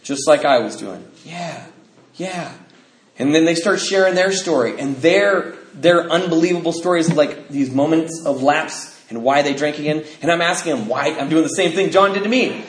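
A man sharing his recovery story with a meeting, lively, acting out what people said and laughing often. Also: fairly high pitch, brisk, few pauses. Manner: animated, acts out quoted dialogue, laughs often. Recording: echoey room, faint noise.

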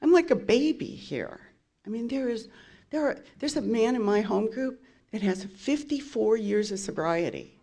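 Expressive and mellow, with a fairly high pitch and moderate pace, a woman in her 50s gives a frank testimony about her recovery, punctuated by wry laughs.

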